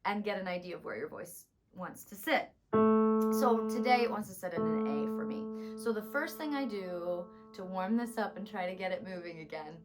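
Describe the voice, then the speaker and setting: Hoarse woman voice teacher, tired voice. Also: moderate pace, loud music behind the voice. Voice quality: slight rumble in speaking voice. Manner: calm, instructive, demonstrating exercises. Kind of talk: vocal warm-up lesson.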